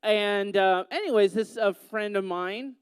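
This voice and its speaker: A man speaks to a gathering in a high, smooth voice, telling a story with a joking, teasing touch. The sound is close and dry. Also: unhurried, dry recording. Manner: playful, teasing the audience. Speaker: youth speaker.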